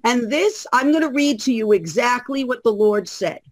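A woman's voice: fairly high pitch, animated, moderate pace. A woman from the Bronx with a New York accent, a guest in a conversational interview, speaking emphatically and reading prophecies in a solemn cadence.

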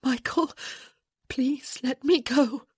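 A woman's voice: a little high, moderate pace, dry recording, studio quality, pitched above the performer's own voice, lightly acted. Woman playing a scared, grieving young widow. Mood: frightened. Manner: soft, pleading.

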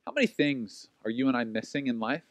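A man in his forties preaching a sermon, telling personal stories in an animated, self-mocking way. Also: mid-range voice, fairly quick, dry recording. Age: 40s. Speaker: pastor.

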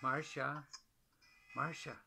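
An older man talking tenderly to his wife over a video call, gentle and affectionate, often repeating pet names. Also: a little high, little pitch movement, takes it slowly, vocal fry, background noise.

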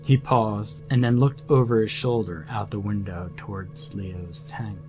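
A male horror storyteller narrates in a low, unhurried voice. His slow, deliberate pacing sits over a faint music bed. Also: fairly even intonation, darkish tone.

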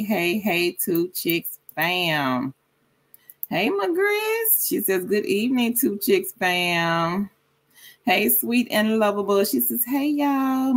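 A woman hosting a casual livestream, reading viewer comments aloud and greeting people by name, sometimes in a sudden high sing-song call. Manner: slow, drawn-out delivery. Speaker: livestream host.

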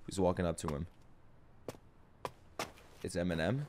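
A man hosting an anime reaction, excitable and emotional, swearing often as he talks over the show. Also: sits low, a little slow, a little hiss or hum. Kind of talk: live reaction commentary. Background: anime soundtrack playing.

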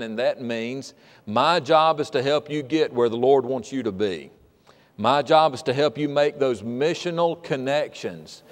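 Older man preaching in a reverberant church. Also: medium pitch. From Georgia, USA. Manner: earnest, folksy, with repeated restarts. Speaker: state missionary preaching. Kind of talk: sermon. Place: church sanctuary. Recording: long hall reverb.

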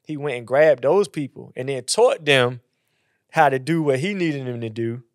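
A man who is a pastor, chatting about faith in a casual, animated way and acting out quotes in a higher voice. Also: moderate pace, no room sound, studio quality. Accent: Southern US.

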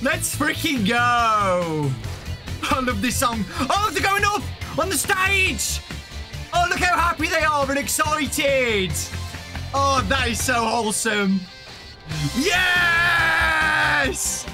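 A young British man giving excitable let's-play commentary, often shouting and exclaiming. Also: extremely high pitch, slow, music in the background. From Britain. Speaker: gaming YouTuber.

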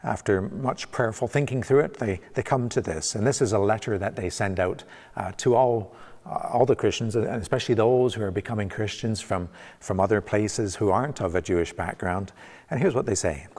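A man's voice: lowish voice, moderate pace, a little mellow. A man preaching a conversational sermon as pastor, from Canada, with frequent restarts and fillers. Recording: long church reverb.

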